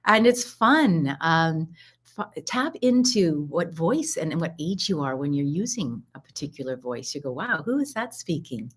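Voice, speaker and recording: Middle-aged woman, kinda low voice, holistic health coach talking folks through mindfulness, calm and earnest. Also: unhurried, breathy edge. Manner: earnest, calm and encouraging, with gentle instructions.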